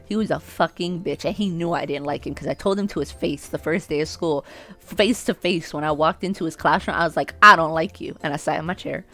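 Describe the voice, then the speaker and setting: A young woman streamer reads a dating game aloud and keeps breaking in with brash, profane outbursts. Her voice sits fairly low, with faint game music underneath. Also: a little fast.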